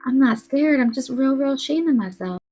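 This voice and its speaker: A woman's voice: high-pitched, animated, normal speed, dark tone, voice pushed up, rough recording. Guilt-ridden young boy, pleading and distraught, as a woman reads him. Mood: ashamed. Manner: pleading, upset.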